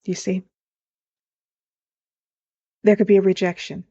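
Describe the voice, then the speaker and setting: A woman's voice: mid-range voice, level tone, takes it slowly, mellow, husky. A woman hosting a motivational podcast as a life coach, talking earnestly and straight to her listeners. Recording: dull lo-fi sound.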